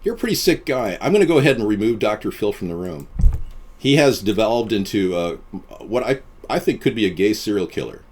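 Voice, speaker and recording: A man with a fairly low voice hosts a live stream and talks straight to his viewers. His delivery is deadpan and boastful, with pitch that rises and falls widely as he wanders from one subject to the next. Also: a little fast, a little hiss or hum. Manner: deadpan, boastful, jumping between topics.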